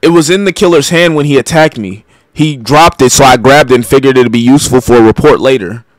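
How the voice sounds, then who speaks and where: A man's voice: medium pitch, fairly quick, no room sound. A young man giving casual, joking gameplay commentary, profane and improvising lines. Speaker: gaming streamer.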